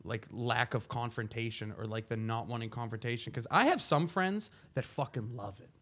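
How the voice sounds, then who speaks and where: A man's voice: medium pitch, moderate pace, a bit bright. A man co-hosting a podcast, cracking jokes and laughing often. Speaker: podcast co-host.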